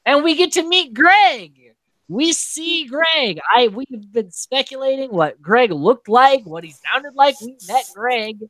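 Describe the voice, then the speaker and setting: A man hosting a podcast, recapping a reality show in animated casual chat. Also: extremely high pitch, takes it slowly, no echo, rough recording. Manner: animated, quotes people in put-on voices. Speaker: podcast host.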